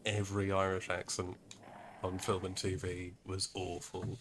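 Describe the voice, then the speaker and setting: Man, British, laid-back stream chat, low voice, faint background hiss. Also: completely flat delivery, measured pace. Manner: easygoing, agreeable, with laughs. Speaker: streamer co-host. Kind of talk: casual chat.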